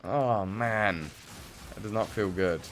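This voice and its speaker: A man's voice: fairly low pitch, slow, fairly bright tone, slight background noise. A young English man from the Midlands chatting casually and rambling with many fillers while he plays a game on stream. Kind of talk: casual chat while playing.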